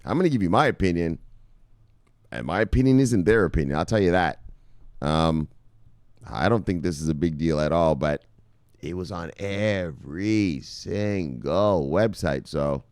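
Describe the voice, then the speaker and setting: A man presenting crypto news in casual, profane commentary, rambling and swinging from loud outbursts to muttered asides. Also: low voice, animated, a little slow, clean tone, dry recording, clean studio sound.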